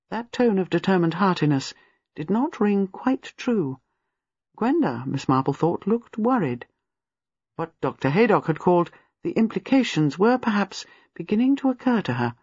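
An audiobook narrator with a husky voice and a lively, widely moving pitch. The reading is close and dry, with a slightly dull sound. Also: no room sound.

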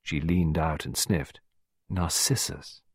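A man narrating an audiobook in a measured, expressive way, dropping low and quiet on dialogue tags. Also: breathy edge, dry recording, clean studio sound. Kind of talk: scripted narration.

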